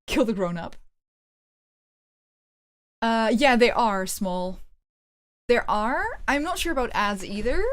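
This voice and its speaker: A woman streaming a game, chatting playfully with her viewers and joking as she plays. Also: mid-range voice. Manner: playful, chatty, laughs and jokes with chat. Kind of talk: casual live-stream chat.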